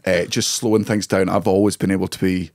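A man's voice: deep voice, flat delivery, brisk, darkish tone, no echo, studio quality. A Scottish man with a Caithness accent, a comedian guest on a podcast telling stories in casual, swear-filled chat and laughing through them. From Scotland.

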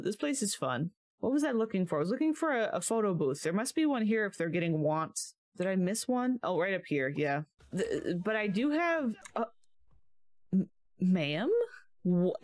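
A woman talks casually into a close mic as she plays a game, chatting away to her viewers. Her voice sits at a middling pitch, and she reacts out loud with quick laughs and gasps. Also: animated, no echo. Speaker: gaming video creator. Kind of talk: casual gameplay commentary.

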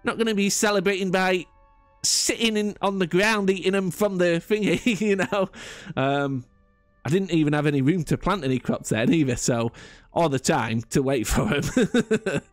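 A man's voice: high voice, normal speed, no room sound, soft background music. A man rambling through casual gameplay commentary, chatty and self-mocking with frequent restarts. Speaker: gaming YouTuber.

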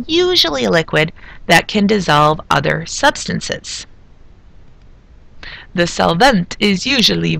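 A woman's voice: lowish voice, gravelly, fairly bright tone, no echo. A woman who is a chemistry teacher, giving a recorded video lesson in a chatty way, with asides as she explains.

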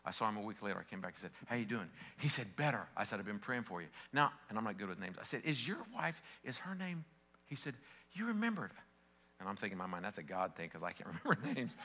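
A middle-aged man preaching a passionate sermon in a church, calling out to the congregation and dropping from loud shouting peaks to quiet storytelling. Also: mid-range voice, sing-song, fast talker. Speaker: pastor. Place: church sanctuary.

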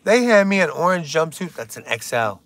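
A man's voice: a little high, very animated, moderate pace, fairly bright tone, a little hiss or hum. A young man doing rambling stand-up on a live stream, swearing often and drifting into silly bits. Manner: rambling, swears a lot, breaks into silly songs.

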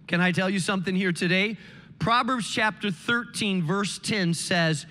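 Bright-voiced pastor preaching in a reverberant hall. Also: male voice, high voice, moderate pace. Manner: emphatic preaching with rhetorical questions. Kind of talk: sermon. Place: church sanctuary.

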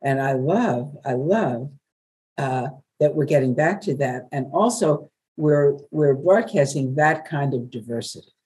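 An older woman from New York, a veteran radio journalist, telling stories in a chatty, lively way as an interview guest. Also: a bass voice, measured pace, slightly rough, poor audio. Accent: New York, softened. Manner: warm, chatty storyteller with laughs. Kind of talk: webinar interview.

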